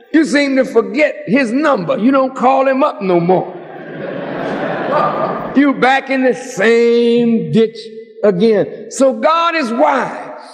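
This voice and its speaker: A man delivering a sermon, preaching dramatically and rising to shouts. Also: extremely high pitch. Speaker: minister. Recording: long hall reverb.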